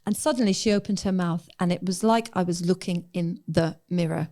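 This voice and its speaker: A woman's voice: fairly low pitch, a little fast, mellow. A middle-aged woman from England raised in Ireland, a guest on a podcast, talking frankly and reflectively, and acting out her own past thoughts. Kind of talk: candid podcast conversation.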